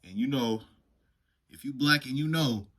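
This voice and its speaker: A young man casually telling a profane, animated storytime vlog. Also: mid-range voice, unhurried. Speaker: vlogger.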